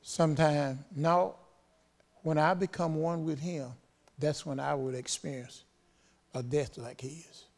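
Fervent gravelly male preacher. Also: a little high, steady tone, slow pace. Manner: fervent, call-and-response preaching with shouts of praise. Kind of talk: sermon.

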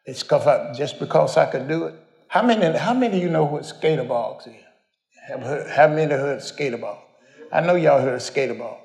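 A man's voice: fairly high pitch, normal speed, a little mellow, reverberant. An older man, preaching a folksy storytelling sermon, rambling and homespun as he addresses the congregation.

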